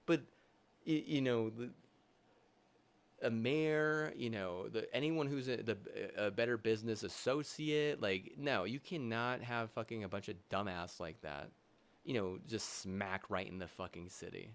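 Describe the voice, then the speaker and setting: A young man streaming live, ranting angrily with constant swearing, halting restarts and loud agitated bursts. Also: lowish voice. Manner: heated, profane, swearing constantly; halting restarts, trailing fillers. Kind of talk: angry livestream rant.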